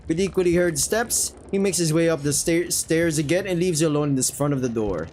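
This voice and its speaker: A man streaming a story game, narrating it casually with quick asides. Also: on the high side, a little mellow, a little hiss or hum, low-quality recording. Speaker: streamer reading a game aloud.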